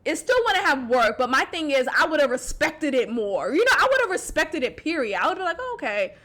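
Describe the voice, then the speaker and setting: A woman with a slightly high voice hosts a casual solo podcast. She speaks frankly and lively, laughs often and uses plenty of slang, then drops quiet and low when she voices a text message. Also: a little fast. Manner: candid and animated, with slang and frequent laughs. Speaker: podcast host.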